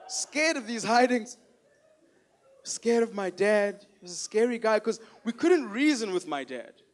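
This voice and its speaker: A man performing a stand-up comedy set, animated and loud, acting out the voices of the people in his stories. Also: high-pitched, measured pace.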